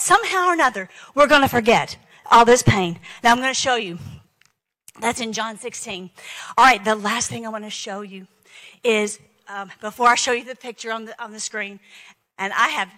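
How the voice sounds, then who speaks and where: A middle-aged woman, preaching an end-times sermon fast and emphatically and reading scripture aloud between her remarks. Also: a little high, sharp tone, poor audio.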